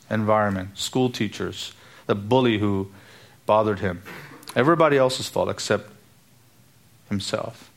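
Gravelly-voiced male preacher. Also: lowish voice. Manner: emphatic preaching with rhetorical questions. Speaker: pastor. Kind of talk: sermon.

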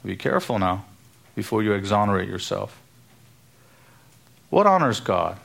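A man's voice: lowish voice, very animated, normal speed, creaky, a bit bright. A man preaching a sermon to his church, emphatic and full of rhetorical questions. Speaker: pastor.

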